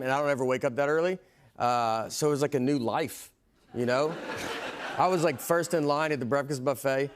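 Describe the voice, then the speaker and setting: Dry Southern man in his forties. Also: a little high. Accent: Southern American. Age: 40s. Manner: dry, rambling, self-deprecating delivery. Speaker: comedian guest. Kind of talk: deadpan storytelling chat. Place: TV studio with audience. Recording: TV studio with audience noise. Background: audience noise.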